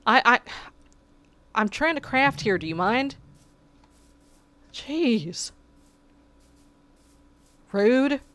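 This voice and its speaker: A woman's voice: on the high side, lively intonation, drawn-out words, long pauses, fairly bright tone, no room sound. A woman giving casual, chatty commentary while she plays a video game, talking back to the creatures and getting exasperated. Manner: sarcastic asides. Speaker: gameplay commentator.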